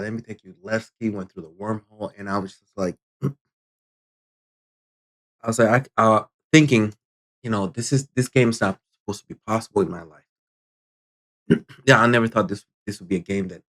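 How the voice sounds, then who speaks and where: An older man, a gaming channel host, telling a rambling story in a casual vlog, halting often and clearing his throat. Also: on the low side, a bit bright.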